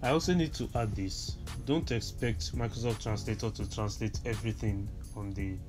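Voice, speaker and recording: A man from Nigeria walks through a phone tutorial, pausing often, repeating words and filling gaps with ums. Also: lowish voice, over music. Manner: hesitant, repeats words, many fillers, instructive. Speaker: tech tutorial presenter. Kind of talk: screen reader tutorial walkthrough.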